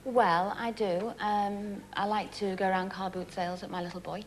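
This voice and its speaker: A woman's voice: medium pitch, steady tone, normal speed, a little hiss or hum, low-quality recording. A woman from Liverpool, a game show contestant, answering hesitantly with nervous laughs. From Liverpool, England.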